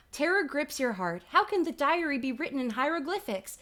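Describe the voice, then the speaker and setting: Her voice sits high, sing-song and fairly bright, moving along fairly quickly. She's hosting a livestream from home on a streaming mic, reading a children's horror story with playful giggles and casual swearing.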